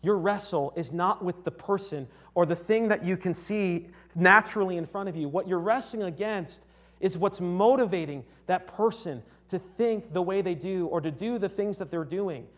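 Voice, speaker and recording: A young man from Connecticut delivers a sermon in an earnest, conversational manner. His voice sits a little high for a man, and he often restarts his sentences while checking in with his listeners. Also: moderate pace, fairly bright tone. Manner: earnest, conversational, with frequent restarts and rhetorical "right?". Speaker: preacher.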